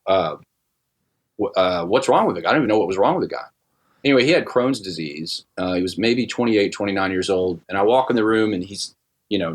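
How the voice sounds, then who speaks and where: A middle-aged man telling a personal story in casual podcast talk, halting with many restarts and fillers. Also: low-pitched. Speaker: guest musician.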